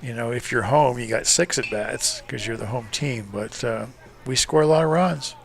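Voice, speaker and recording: A man, a former coach, giving relaxed color commentary on radio, telling stories and chuckling often. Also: medium pitch, moderate pace, creaky. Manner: chatty storyteller, chuckles often.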